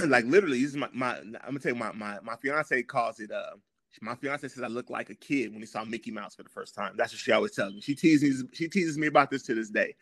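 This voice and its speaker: A man talking as a podcast guest, telling a story in a casual, slangy, animated way and clearing his throat now and then. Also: mid-range voice, fast talker, no room sound, clean studio sound.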